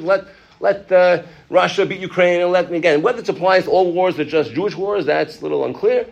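A man teaching a Torah class, reading out Hebrew and Aramaic sources, restarting phrases and asking the class animated questions. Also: fairly high pitch, gravelly, lo-fi sound. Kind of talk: Talmud class lecture.

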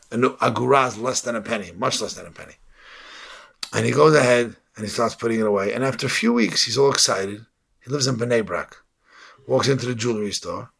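A man's voice: on the low side, creaky, a bit bright, husky. A man delivering an inspirational sermon, telling an emotional story and sprinkling in Hebrew and Yiddish terms.

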